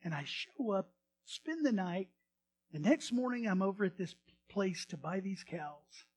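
A male pastor telling a story in a sermon, animated, swinging from loud bursts to hushed retelling. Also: high-pitched, measured pace.

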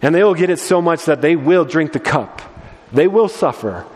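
High-voiced preacher in a reverberant hall. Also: male voice, normal speed. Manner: animated storytelling, frequent restarts and repeated words. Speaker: pastor. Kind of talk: sermon.

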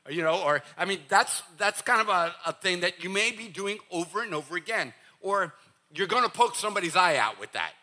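A man preaching a sermon in church, casual and animated, acting out the sharp things people say at home. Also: sits high, a little fast. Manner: animated, acts out scolding parents. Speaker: pastor.

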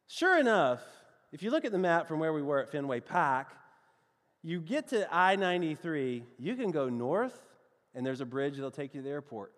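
A man with a Southern US accent preaching a sermon, telling a personal story in a lively, animated way and calling his listeners friends. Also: on the high side, normal speed, in a large hall. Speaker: pastor.

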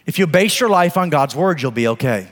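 A middle-aged male pastor preaching a sermon, moving between emphatic exhortation and soft, chatty storytelling. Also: fairly high pitch, expressive, fairly quick, big-room sound.

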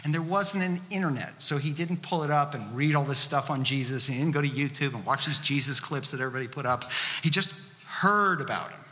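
A man's voice: on the high side, brisk, bright, forceful tone. A man preaching a sermon as a pastor, earnest and conversational, asking the listeners questions as he goes. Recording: reverberant hall.

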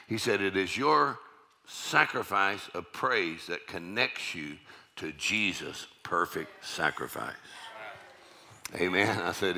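This sermon comes from a man whose voice is very low and deep yet strikingly bright and forceful in tone. Addressing his congregation, he hammers his points with repeated lines and shouts of "amen".

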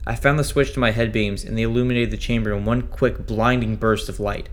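A man's voice: mid-range voice, fairly even intonation, brisk. A man narrating a first-person horror story in a tense, dramatic way. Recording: narration over clear music. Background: music.

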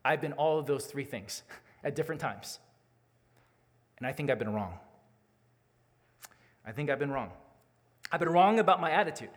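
A man preaches to his church in an earnest, candid sermon that climbs into urgent calls to the congregation. His voice sits a little high for a man. The sound carries a long, lingering reverb from the sanctuary. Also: expressive, moderate pace, pauses often. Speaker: pastor.

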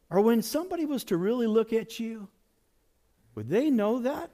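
A man pastor preaching a sermon in an animated, conversational storytelling way. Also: extremely high pitch, normal speed.

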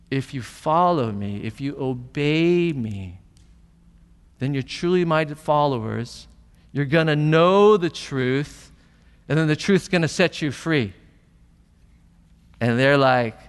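A pastor preaching a sermon in a conversational way, asking rhetorical questions and building emphasis. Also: male voice, fairly high pitch, slow pace, smooth. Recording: long hall reverb.

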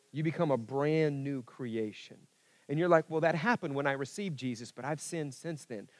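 A man preaching a church sermon, rising to loud calls and dropping to hushed asides. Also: mid-range voice, dry recording. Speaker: pastor. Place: church service.

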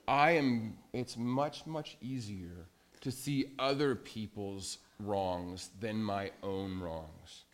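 A man, a pastor, giving a children's sermon in a church and asking the kids questions as he goes. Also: on the high side. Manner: animated, asks children questions. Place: church sanctuary.

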